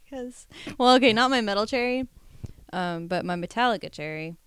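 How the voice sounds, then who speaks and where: A woman's voice: medium pitch, lively intonation, brisk, clean tone. A woman co-hosting a casual chat, joking and rambling with playful asides. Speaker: podcast co-host.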